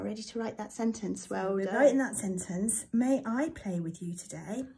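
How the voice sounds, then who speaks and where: A woman leads a recorded handwriting lesson for small children, taking each word slowly and cheering them on. She often sinks to a whisper as she forms the letters. Her voice is soft and mellow, with a faint hum of room noise behind it. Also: medium pitch. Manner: encouraging and slow, stretches words, drops to a whisper while writing. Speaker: primary school teacher.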